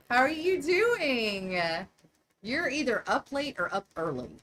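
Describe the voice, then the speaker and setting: Animated Southern woman hosting a live chat. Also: sits high, drawn-out words, a little hiss or hum, low-quality recording. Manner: animated, laughs often, greets viewers. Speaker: livestream host.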